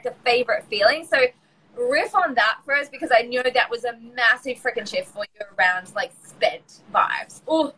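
A woman hosts a podcast in a bright, high voice with a sharp edge. She chats eagerly, gushing over her guest's points and asking her to dig into them. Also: slightly rough, low-quality recording. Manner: enthusiastic, gushing, conversational. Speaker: podcast host. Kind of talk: casual podcast conversation.

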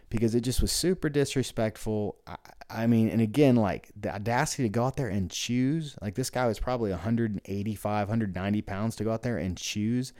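Low-voiced man telling a gym story. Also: moderate pace, dark tone, no room sound, clean studio sound. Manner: rambling, frequent "like" fillers, acts out quoted dialogue. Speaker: gym owner and coach. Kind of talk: casual storytelling monologue.

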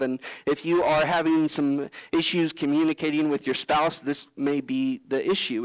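A man's voice: on the high side, rough recording. Earnest man preaching a sermon. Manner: earnest preaching, acting out quoted prayers and Bible figures. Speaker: pastor.

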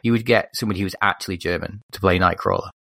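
Animated man, low voice. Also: very fast, creaky, no room sound, studio quality. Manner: animated, self-interrupting film commentary. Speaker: podcast co-host. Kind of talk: casual chat.

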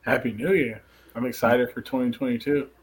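Husky-voiced male co-host. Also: medium pitch, steady tone, brisk. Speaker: podcast co-host. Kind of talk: casual chat.

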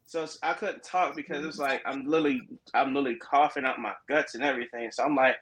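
A man with a bright, forceful tone talks casually with his co-hosts, full of "like" and "you know". He acts out quoted lines from his own stories in an animated way. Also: mid-range voice, quick pace, slight background noise, rough recording. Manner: animated storytelling, acting out quoted dialogue, many fillers. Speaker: podcast co-host. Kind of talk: casual chat.

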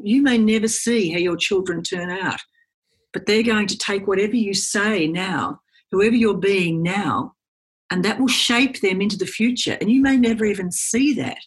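Husky woman, animated storyteller. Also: mid-range voice. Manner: animated storyteller, acts out quotes. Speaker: guest. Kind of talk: conversational interview.

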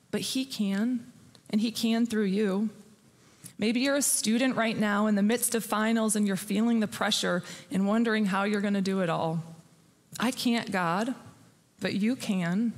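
Candid woman pastor in a reverberant church. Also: fairly high pitch. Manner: candid, conversational, self-deprecating. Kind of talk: sermon. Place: church sanctuary. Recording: long hall reverb.

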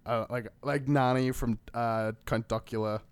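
A man's voice: medium pitch, steady tone, unhurried, slight background noise. A man co-hosting a podcast in casual chat, who talks in a hesitant way, often restarting his sentences and laughing. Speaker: podcast co-host.

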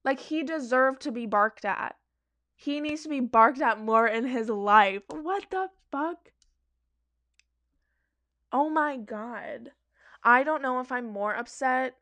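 Woman ranting casually, swears a lot, kinda high voice, dry close mic. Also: a little slow, a bit bright, dry recording. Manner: blunt, profane and emphatic. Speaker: online commentator reacting to advice-forum stories. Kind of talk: casual reaction commentary.

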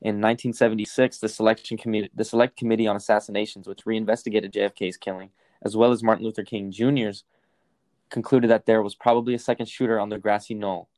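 Fast-talking, cursing young man. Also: fairly low pitch, flat delivery, a little mellow, dry recording. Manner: swearing, rambling storyteller. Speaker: podcast co-host. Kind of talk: casual chat reading facts aloud.

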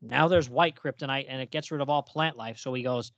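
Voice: mid-range voice, a little fast, dry recording, dull audio. A podcast co-host in casual chat, reading comic captions aloud and asking puzzled questions about the plot.

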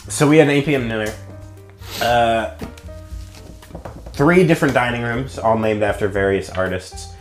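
A man's voice: medium pitch, normal speed, long pauses, soft background music. A young man telling a long, rambling story in casual chat, full of fillers and acted-out quotes. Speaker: storyteller guest.

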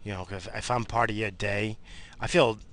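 A man's voice: fairly low pitch, steady tone, normal speed, fairly bright tone. A tired man hosting his own show, talking in a casual, rambling way with many restarts and fillers while driving. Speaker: podcast host. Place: in a car, driving.

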